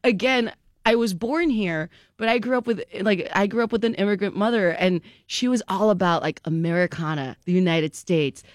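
A man's voice: high voice, normal speed, no room sound, clean studio sound. A man, a comedian guest, chatting casually in a radio interview, rambling with lots of "like"s and frequent laughter. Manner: rambling, animated, laughs often, many "like"s.

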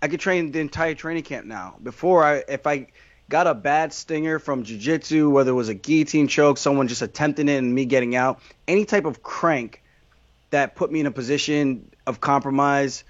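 A man's voice: on the high side, moderate pace, dry recording. Fighter guy talking candid, rambly, restarts a lot, kinda muffled dry sound. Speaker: fighter being interviewed. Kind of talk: casual interview answers.

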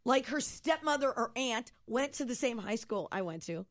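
A woman from Ohio chatting on a radio talk show, her voice a little high. She tells stories with energy and acts out what each person said. It sounds like a relaxed conversation between co-hosts. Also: normal speed. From Ohio, USA. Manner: animated, acts out quoted dialogue. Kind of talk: casual storytelling chat.

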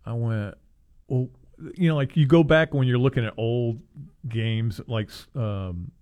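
A man's voice: mid-range voice, measured pace, a little mellow. Chatty man co-hosting sports radio. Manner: rambling, chuckling, self-interrupting. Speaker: co-host of a sports talk show. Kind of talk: casual sports radio chat.

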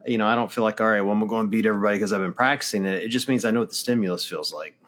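Man, lowish voice, easygoing co-host, talks in loose rambling hedges. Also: very fast, a bit bright. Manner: rambling, hedging, many fillers. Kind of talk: casual chat.

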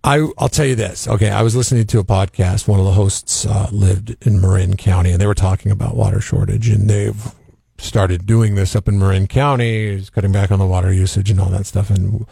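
A man's voice: fairly low pitch, steady tone, brisk, vocal fry, mellow, husky, no room sound. A man co-hosting a casual morning radio show, telling rambling stories and acting out what people said. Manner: rambling storyteller, acts out quotes. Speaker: radio co-host.

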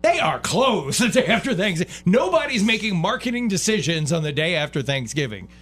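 A man's voice: high voice, big pitch swings, fairly quick, a bit bright, slightly rough, soft background music. A middle-aged man hosting a radio show, chatting casually and getting heartfelt and a bit choked up.

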